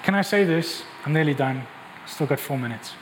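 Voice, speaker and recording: In a large church hall with long reverb and faint ambience, a man with a high-ish voice and lively intonation preaches a passionate sermon at a moderate pace over a noisy background. He asks rhetorical questions and restarts phrases as he builds his points.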